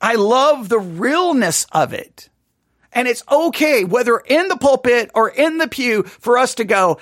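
High-voiced impassioned male preacher. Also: very animated, measured pace, no echo, clean studio sound. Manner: impassioned, stammering restarts, bursts of shouting. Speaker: pastor. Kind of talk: sermon.

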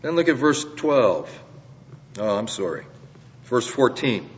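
A man's voice: medium pitch, sing-song, slow, long pauses. A man teaching scripture verse by verse in a sermon, explaining earnestly and with emphasis, posing rhetorical questions. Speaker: preacher. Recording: dull lo-fi recording in a reverberant hall.

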